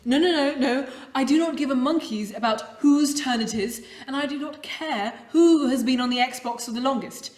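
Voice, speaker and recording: A young actress doing a scolding fed-up mum. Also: female voice, sits high, moderate pace, hardly any pauses, darkish tone, reverberant, lightly acted. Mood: exasperated. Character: exasperated mother scolding children. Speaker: school play actor.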